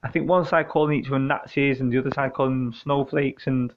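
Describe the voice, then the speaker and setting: A man's voice: medium pitch, steady tone, fast, lo-fi sound, a little hiss or hum. A British man hosting a casual monologue, answering listener questions in a joking, profane, meandering way with lots of restarts. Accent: British English.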